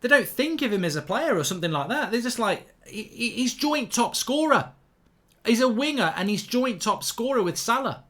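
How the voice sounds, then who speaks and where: An indignant man from England rants about football as a pundit, his pitch swinging widely as he stumbles and restarts. He repeats his outrage over and over. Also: big pitch swings, moderate pace, sharp tone. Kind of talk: ranting reaction monologue.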